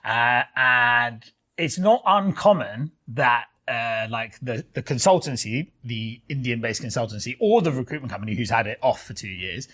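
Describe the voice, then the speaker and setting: Animated man telling a story. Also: mid-range voice, normal speed. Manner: animated, swears freely, many fillers. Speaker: podcast co-host. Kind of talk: casual storytelling chat.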